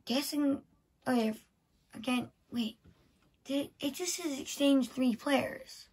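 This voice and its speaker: A woman's voice: high voice, slow, a little mellow. A woman vlogger thinking aloud as she plays a video game, muttering to herself in casual commentary. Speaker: gameplay vlogger.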